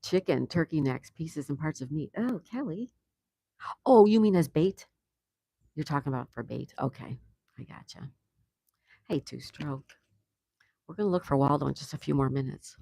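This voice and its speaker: A woman's voice: low voice, lively intonation, moderate pace, creaky, pauses often, dark tone, slightly rough, dry recording. A woman hosting a casual live stream, chatting and laughing as she greets viewers and answers their comments. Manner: laughs often. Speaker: livestream host. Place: home in Florida.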